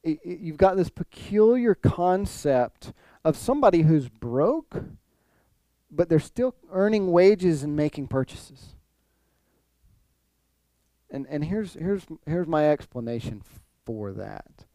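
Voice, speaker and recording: Male pastor, animated sermon delivery, mellow tone, dry close sound. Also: on the high side, takes it slowly, no echo. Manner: animated, acts out quoted voices, repeats phrases.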